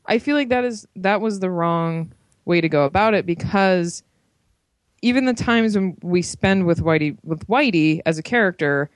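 A woman's voice: on the low side, normal speed, no echo, studio quality. A young woman co-hosting a podcast, chatting casually about a film, with lots of fillers and frequent laughs. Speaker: podcast co-host, film reviewer.

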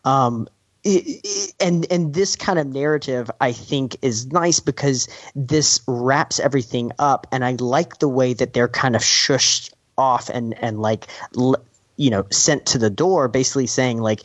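A man of middle pitch chats loosely about a film, stumbling through restarts and slipping into little acted-out quotes. The sound is dull and a bit lo-fi. The room is dry, with no echo. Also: a little slow. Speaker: podcast co-host. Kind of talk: casual film discussion.

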